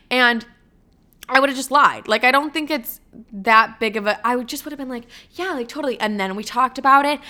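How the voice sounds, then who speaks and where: Her voice sits on the high side, pushed and bright with a clean tone. As a young podcast host, she tells stories in a casual monologue, blunt and profane, saying "like" all the time.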